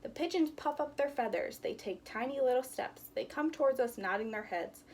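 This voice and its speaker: A woman's voice: high voice, expressive, moderate pace, a little mellow, a little hiss or hum. A woman teacher reading a picture book aloud to children, acting out the sound words playfully. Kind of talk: storybook read-aloud with sound effects.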